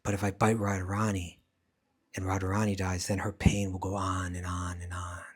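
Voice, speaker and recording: A man voicing a snake spirit in a slow, breathy whispered role-play during a spoken lesson. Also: low voice, flat delivery, pitched below the performer's own voice. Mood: eerie.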